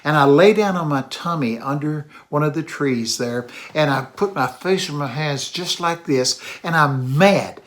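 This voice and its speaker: A man's voice: a little high, measured pace, hardly any pauses. An older man with an East Texas accent, preaching through a childhood story and acting out the voices in it. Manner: animated storytelling, acts out voices. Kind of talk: sermon storytelling.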